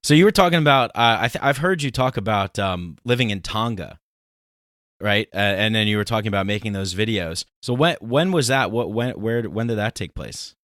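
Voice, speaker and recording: A man's voice: lowish voice, animated, a little fast, a bit bright, no room sound, clean studio sound. A man from the United States hosting an interview in a loose, filler-heavy way, often laughing. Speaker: podcast host. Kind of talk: casual interview talk.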